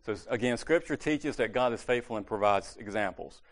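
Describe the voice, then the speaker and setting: A man's voice: medium pitch, brisk. A man giving a casual, conversational sermon at a church meeting, correcting himself and joking lightly as he goes.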